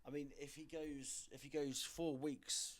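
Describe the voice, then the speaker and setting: A young man presenting a darts podcast, chatting casually and quickly going over results and upcoming fixtures. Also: fairly high pitch, level tone. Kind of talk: casual sports podcast chat.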